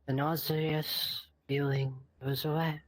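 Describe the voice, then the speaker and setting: A man narrating a roleplay in dramatic second person, slow and breathy, building to intense climaxes. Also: a little high, level tone, no room sound. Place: online voice chat.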